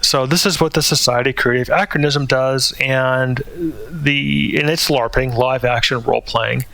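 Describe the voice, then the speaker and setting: Gravelly-voiced man speaking casually. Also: mid-range voice, steady tone, moderate pace, bright, forceful tone. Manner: hesitant, many fillers and restarts. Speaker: channel host. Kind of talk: spoken commentary.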